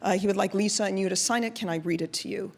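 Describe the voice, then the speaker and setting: A calm, caring booking agent, played by a woman storyteller. He speaks low and matter-of-fact. His tone is gentle and steady. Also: fast, long reverb tail, lightly acted.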